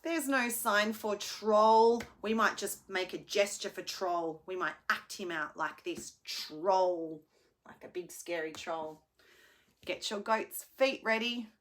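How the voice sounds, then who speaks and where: A woman speech pathologist retelling a children's story with slow, simplified, expressive speech and key word signs. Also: mid-range voice.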